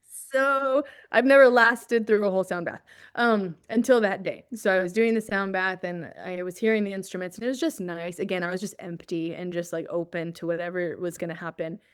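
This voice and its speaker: A woman's voice: on the low side, fairly even intonation, brisk, smooth, no room sound, studio quality. A woman guest on an interview show, telling a personal story in a casual way, often laughing and acting out her own thoughts. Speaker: guest, journalist.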